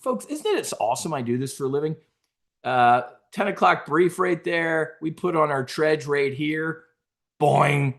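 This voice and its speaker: A man's voice: a little high, expressive, measured pace, fairly bright tone. Brash profane man talking markets. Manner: brash, profane, mocking quoted voices. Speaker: trading show host. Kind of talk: casual market commentary.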